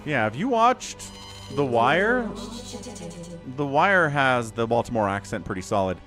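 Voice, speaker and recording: A man calls a strategy game on a live stream, his pitch swinging up and down a lot as he answers chat and jokes between plays. Faint music plays softly behind him. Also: measured pace. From Utah, USA. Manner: chatty and animated, answers chat between play calls, jokey. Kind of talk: live game commentary chatting with viewers.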